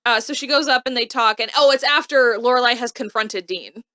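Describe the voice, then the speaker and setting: A woman with a bright, fairly high voice recaps a TV episode in a casual chat, jumping into little impressions of the characters as she goes. The sound is close and dry, with no room behind her. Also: a little fast, dry recording. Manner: animated retelling, acting out quotes in varied voices. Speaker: podcast co-host recapping a TV episode.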